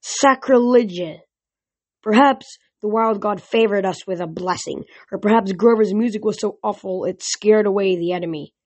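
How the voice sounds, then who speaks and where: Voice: mid-range voice, normal speed, close to an everyday voice. A reader voicing a stubborn, indignant elderly male satyr elder in an audiobook. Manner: indignant, bellowing.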